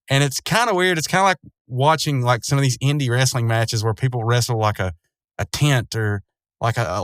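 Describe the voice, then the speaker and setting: This show recapper has a mid-range, fairly bright, clean voice captured in a dry recording. He casually walks through a cartoon episode, wandering off track, chuckling often, and leaning on lots of fillers.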